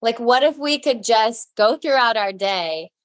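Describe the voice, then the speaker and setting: A woman's voice: fairly high pitch, lively intonation, unhurried, smooth, no room sound. Reflective woman in a podcast chat. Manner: reflective, explains ideas with quotes and examples. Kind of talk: casual podcast conversation.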